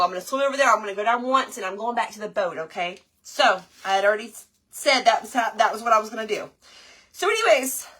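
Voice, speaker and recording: A woman, telling a story in a chatty, animated way to her viewers while she does a craft project. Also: on the high side. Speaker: craft vlogger.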